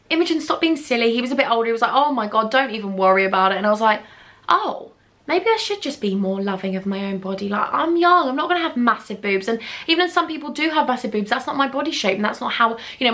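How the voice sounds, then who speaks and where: A woman's voice: fairly high pitch, bright, forceful tone. Chatty young woman. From England. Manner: gushing, chatty, pet names. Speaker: beauty vlogger. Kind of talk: casual storytime chat.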